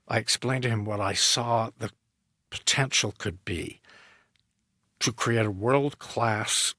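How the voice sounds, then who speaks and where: A man with a low, gravelly and somewhat husky voice tells a story in a podcast interview. He animates the anecdote by voicing both people in the conversation. The recording is dry, with no room sound. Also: no room sound. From United States. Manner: animated anecdote, acting out both sides of a dialogue. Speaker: guest, opera director and tenor.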